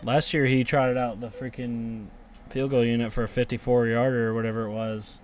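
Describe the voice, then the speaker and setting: A man's voice: medium pitch, normal speed. Frustrated young man streaming a game. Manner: frustrated, swears, talks back to chat; bursts into excited cheering on big plays. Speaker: live reaction streamer. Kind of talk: live fan reaction to a football game.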